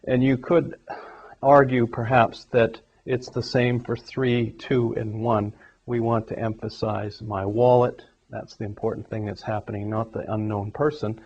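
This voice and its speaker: Male English teacher, steady explanatory delivery, middle pitch, dull lo-fi recording. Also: measured pace. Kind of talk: grammar lesson.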